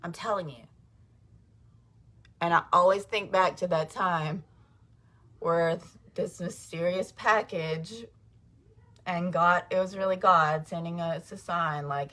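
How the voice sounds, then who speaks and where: A woman tells a personal story in a loose, chatty way. Her voice sits on the lower side. She keeps saying "like" and acts out what others said. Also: fairly even intonation, slow pace, long pauses, fairly bright tone. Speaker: vlogger telling a personal story. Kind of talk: casual storytelling to camera.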